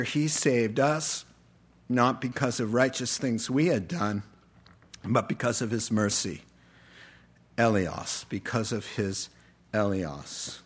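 A man preaching a sermon, telling a story and acting out the characters' lines with animated delivery. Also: mid-range voice. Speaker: pastor.

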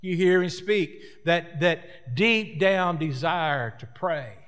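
Preacher in a reverberant hall. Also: male voice, a little high, takes it slowly, a bit bright. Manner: earnest, repetitive preaching cadence. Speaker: pastor. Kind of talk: sermon.

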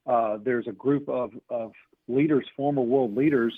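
A man's voice: medium pitch, fairly even intonation, normal speed, no echo. A man being interviewed as an author, talking earnestly with many fillers and restarts. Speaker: author guest. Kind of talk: interview on a phone line. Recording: tinny phone line.

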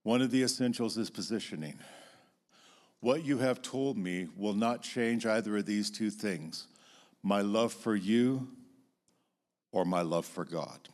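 Earnest low-voiced man teaching on stage. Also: a little slow, pauses often. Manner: earnest and expressive, acting out emotional outbursts. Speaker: Christian speaker. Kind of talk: teaching talk to an audience. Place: stage before an audience.

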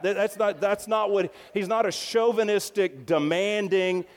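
Male pastor, conversational sermon delivery with restarts and asides, slightly high-pitched, echoing church hall. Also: normal speed, hardly any pauses. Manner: lively, conversational preaching with many restarts and asides. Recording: long hall reverb.

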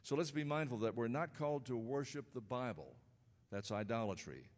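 A man's voice: mid-range voice, animated, normal speed. A man giving a folksy talk to a church congregation, asking them questions as he speaks. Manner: folksy, asks the audience questions. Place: church sanctuary. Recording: echoey church hall.

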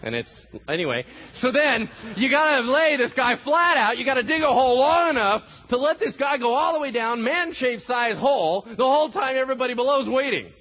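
A man's voice: very high voice, sing-song, brisk, hardly any pauses, lo-fi sound. A man preaching a sermon, telling the story with animation and acting out the voices of the people in it. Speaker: pastor.

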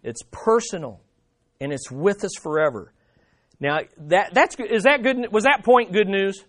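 A man's voice: high-pitched, lively intonation, measured pace. A man preaching a sermon, emphatic, repeating phrases and asking the congregation questions. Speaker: pastor.

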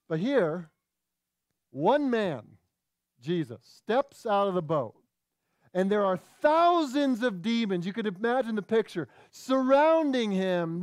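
A man preaching a sermon, animated and conversational, with quick asides and restarts. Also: medium pitch, no echo. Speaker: pastor.

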